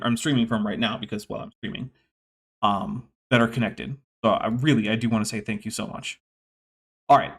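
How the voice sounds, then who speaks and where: A man's voice: medium pitch, fairly bright tone. A man hosting a live stream, chatting casually and sardonically, with frequent fillers. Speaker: streamer and host.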